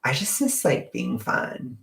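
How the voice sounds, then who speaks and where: Campy young guy ranting to the camera, bit of vocal fry, roomy echo. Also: mid-range voice, big pitch swings, a bit bright. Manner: chatty, campy, swearing, quick asides. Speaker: vlogger. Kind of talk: casual chat to viewers. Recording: echoey room.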